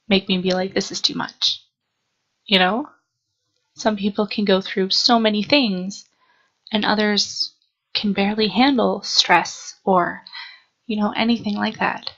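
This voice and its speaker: A young woman talks unscripted to her camera, earnest and a bit sleepy, stopping and restarting her thoughts. Her voice has a gravelly fry to it, and the recording sounds dull and muffled. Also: medium pitch, fairly bright tone. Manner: earnest, halting, with frequent ums and restarts. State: sleepy, yawning. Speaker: vlogger. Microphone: camera mic.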